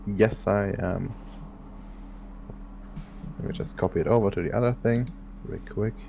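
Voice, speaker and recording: Low gravelly-voiced man, hesitant. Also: unhurried, mellow, slight background noise. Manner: hesitant, self-conscious. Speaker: player. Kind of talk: casual chat in a tabletop game.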